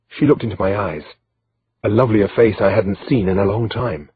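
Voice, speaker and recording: A man narrating an audiobook in first person with a measured, steady delivery, in a slightly dull lo-fi recording. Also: on the low side, slightly rough.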